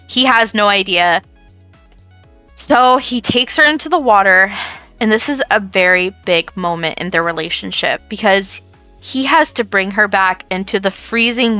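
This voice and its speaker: A woman's voice: mid-range voice, pushed and bright, no room sound. A young woman chatting casually as she reviews a book, gushing and repeating herself.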